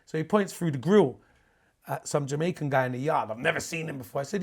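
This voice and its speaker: A man with a London accent tells his stories as a podcast guest. His voice is gravelly and sits a bit high. He swears easily and acts out the dialogue in his stories. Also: lively intonation, fast talker. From Hackney, London. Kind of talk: casual interview storytelling.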